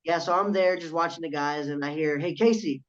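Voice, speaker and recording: A man's voice: a little high, fairly quick, clear, resonant tone. A young man, a wrestler guest on a casual podcast, telling a story with lots of swearing and quoted dialogue. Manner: animated storyteller, swears freely, quotes others in his story. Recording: dull lo-fi audio.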